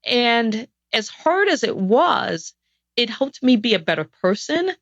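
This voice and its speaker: A woman's voice: on the high side, big pitch swings, slow, fairly bright tone, no echo. A woman guest on a podcast interview, telling a personal story in an earnest, reflective way with frequent restarts. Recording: dull, dry sound.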